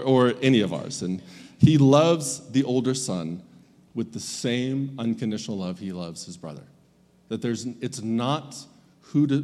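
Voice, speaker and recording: Conversational pastor in a reverberant church. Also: male voice, medium pitch, a little mellow. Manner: conversational, acts out biblical characters' lines. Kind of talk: sermon.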